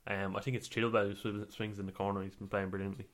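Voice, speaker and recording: A man co-hosting a football podcast, chatting in a relaxed way and running plainly through match reviews. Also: lowish voice, fast. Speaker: podcast co-host. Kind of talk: casual football chat.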